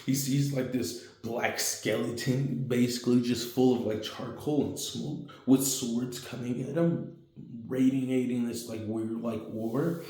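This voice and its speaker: A man narrates a homemade fan story in loose, slangy fashion, stumbling through fillers. His voice is dark and mellow, and the room sounds echoey. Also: medium pitch, measured pace. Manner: rambling and slangy, many fillers.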